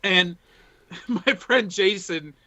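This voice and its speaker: A man's voice: high-pitched, drawn-out words, gravelly, bright, forceful tone. A man co-hosting a sports podcast, telling long rambling anecdotes full of fillers and restarts. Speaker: podcast co-host. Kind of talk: casual chat, storytelling. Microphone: desk mic, reads chat from screen.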